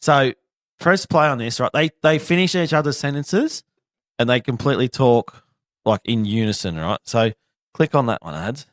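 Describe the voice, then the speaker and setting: A man's voice: medium pitch, lively intonation, moderate pace, no room sound. An Australian man co-hosting a podcast, telling stories in casual chat and swearing constantly. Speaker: podcast co-host.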